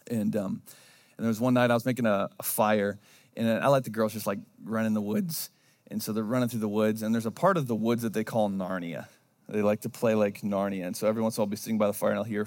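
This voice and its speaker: A man preaching a sermon in a conversational, storytelling way, acting out quotes as he goes. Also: mid-range voice. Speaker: pastor.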